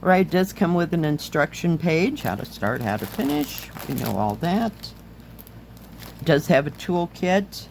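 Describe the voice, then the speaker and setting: A middle-aged woman, slightly hoarse, chatting casually as she reviews craft kits and handles them on camera. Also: low voice, very animated, unhurried, noisy background. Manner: chatty, enthusiastic, talks while handling items. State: slightly hoarse, losing her voice. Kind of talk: casual chat.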